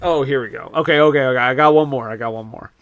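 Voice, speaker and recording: A man's voice: medium pitch, fast, fairly bright tone, smooth, dry recording, lo-fi sound. A man co-hosting a casual podcast, reading viewer reviews aloud with amused disbelief and frequent laughter. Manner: amused, incredulous, laughs often. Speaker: podcast co-host.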